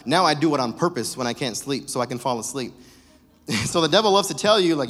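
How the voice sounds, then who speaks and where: A man's voice: mid-range voice, animated, fast talker, a bit bright, slightly rough. A young man preaching a sermon in a casual, joking, conversational way. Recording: long reverb of a church hall.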